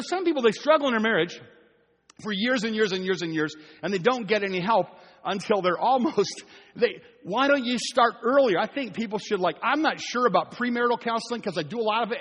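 A man's voice: high voice, a bit bright, big-room sound. A man preaching a sermon as pastor, talking in a conversational way with joking asides and rising to earnest emphasis. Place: church sanctuary.

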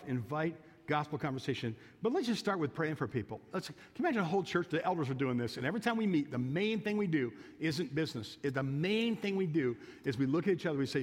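A man preaching to his congregation, telling homely stories before pressing his points with rising emphasis. His voice sits a little high, and a long reverb from the church hangs on every phrase. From United States. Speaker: pastor. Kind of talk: sermon. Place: church sanctuary.

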